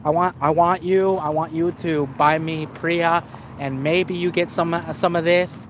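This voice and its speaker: A man's voice: on the high side, fairly even intonation, unhurried, a bit bright, a little hiss or hum. Man putting on a cooing flirty gold digger. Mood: fake flirty.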